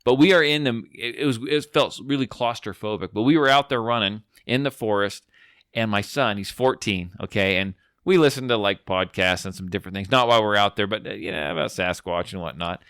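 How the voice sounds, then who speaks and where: A man's voice: lowish voice, brisk, smooth, no room sound, studio quality. A man in his forties, a podcast host, telling a long story in casual chat, rambling with lots of restarts. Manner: rambling, animated, restarts often.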